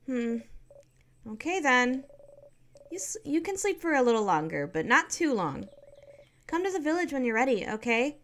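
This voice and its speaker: A woman voicing a cheerful, earnest young female adventurer in a game, bubbly and quick to fret. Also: high voice, big pitch swings, a bit bright, slight background noise, voice pushed up. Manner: bubbly, then anxious and apologetic.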